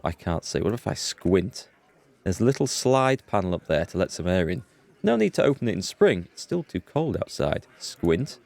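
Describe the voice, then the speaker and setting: A man's voice: low-pitched, darkish tone. A man hosting a let's play, chatting casually as he thinks aloud and reads game dialogue, chuckling at the text.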